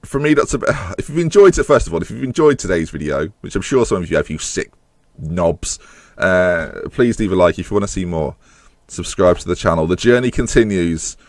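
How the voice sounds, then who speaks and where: A young man commentating on his own game, animated and swearing as he pleads with the screen. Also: low-pitched, brisk, no room sound. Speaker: gaming YouTuber. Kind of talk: gameplay commentary.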